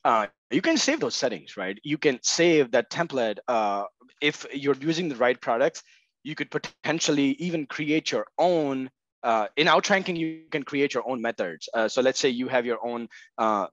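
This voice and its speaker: A man's voice: medium pitch, animated, normal speed, a bit bright, no room sound. Man, muffled video-call interview guest. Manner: many fillers, frequent "right?" checks. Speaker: guest, marketing tech co-founder. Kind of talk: casual interview answers.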